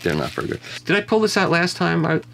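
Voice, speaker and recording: A man's voice: on the high side, huge pitch swings, fast talker, vocal fry, a bit bright, slight background noise. A man reviewing vinyl records in a casual conversation, chatty and full of self-mocking jokes and restarts. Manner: chatty storyteller who often restarts and jokes about himself.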